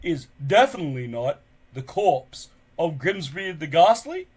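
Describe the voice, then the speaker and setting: A man voicing a big, booming tribal chief in a storybook reading. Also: very animated, a little mellow, husky, exaggerated voice. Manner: slow, booming.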